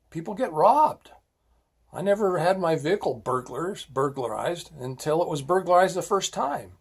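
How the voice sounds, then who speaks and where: A middle-aged former police officer with a high-pitched, slightly rough voice gives a blunt safety talk packed with personal stories. He's emphatic and keeps asking "all right?", turning blunt and scolding when he makes a point.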